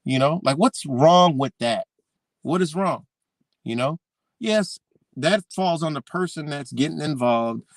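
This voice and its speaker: Guy with aave venting on his podcast, cussing a lot, kinda high voice, dry close sound. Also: animated, unhurried, no echo. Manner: blunt, heavy swearing, repeats himself. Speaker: podcast host. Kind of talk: casual ranting recap.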